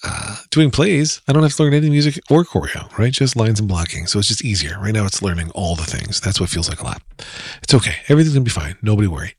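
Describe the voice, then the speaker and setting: A man's voice: on the low side, a little mellow, breathy edge, no echo, studio quality. A man with a New Jersey accent hosting a casual solo podcast, chatty and rambling with self-deprecating asides. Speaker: podcast host.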